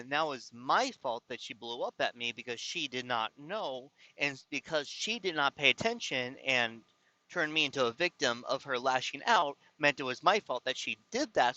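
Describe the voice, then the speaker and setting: A man's voice: mid-range voice, bright, forceful tone, no room sound, poor audio. A man telling a personal story to his viewers in a casual, rambling way, often exasperated and restarting his sentences. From California. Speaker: vlogger.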